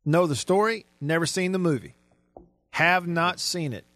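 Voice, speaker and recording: An older man hosts a radio talk show and tells stories in a loose, jokey way, often trailing off and starting again. His voice sits a little high. The studio sound is dry and close. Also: normal speed, fairly bright tone, dry recording. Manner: rambling, jokey storyteller. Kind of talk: casual radio chat.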